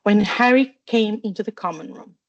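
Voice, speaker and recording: A woman narrating a fan fiction storybook with steady, even reading. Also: medium pitch, moderate pace, dry recording, dull audio. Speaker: audiobook reader.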